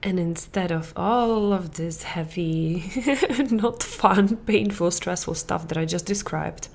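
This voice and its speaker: A woman hosting a parenting coaching podcast, talking in an animated monologue that swings between soft near-whispers and excited laughing bursts. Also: lowish voice, gravelly, a little hiss or hum.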